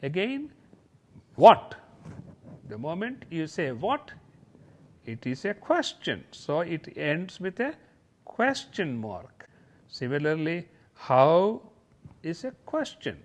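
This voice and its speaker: A man teaching a kindergarten lesson over slides, explaining patiently and slowly. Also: on the high side, wildly swooping pitch. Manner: slow, patient, sing-song explaining. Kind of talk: slideshow lesson for young children.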